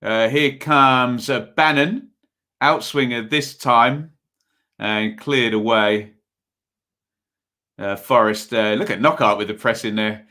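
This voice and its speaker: A man with a medium-pitched, sharp-toned voice hosts a live football watch-along, speaking slowly and pausing often. He casually calls the play, reads viewer messages and chats between moves, rambling with frequent fillers.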